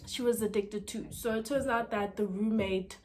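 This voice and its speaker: A woman's voice: medium pitch, fairly even intonation, moderate pace, a little mellow. A woman casually recapping a TV episode, talking in a chatty way with lots of fillers and asides. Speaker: TV episode reviewer.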